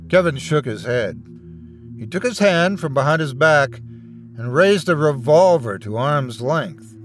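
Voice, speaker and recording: A man narrating a horror tale with dramatic, suspenseful delivery, his pitch rising and falling in a very lively way. Faint music plays softly beneath his scripted storytelling. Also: unhurried. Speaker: horror podcast host and narrator.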